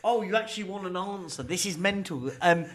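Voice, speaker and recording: A man's voice: high voice, a little fast, fairly bright tone. A man on a casual podcast, flustered and awkwardly laughing, talking into a crackling mic. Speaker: podcast co-host.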